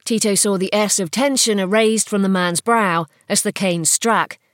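Female audiobook narrator, mid-pitched, steady and measured, dry booth sound. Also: no echo. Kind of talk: scripted fiction narration.

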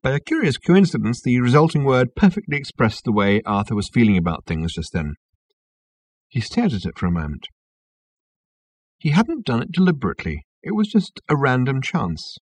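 A man narrates a comic novel as an audiobook, his voice husky and breathy in a dry, close recording. His pitch moves a lot as he tells the story with wry expressiveness. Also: big pitch swings, moderate pace, a little mellow, no echo.

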